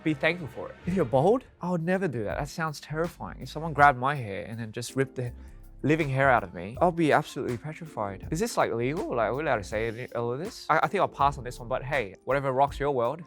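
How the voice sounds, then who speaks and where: A man's voice: medium pitch, lively intonation, fast talker, faint music behind. A man reading fan tweets aloud and reacting to them, amused and playful and laughing often.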